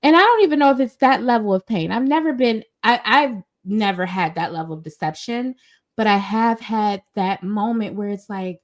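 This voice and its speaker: With a mid-range voice at normal speed, this podcast co-host on a casual pop-culture show tells her stories emphatically. She stays animated and performs each quote as she goes.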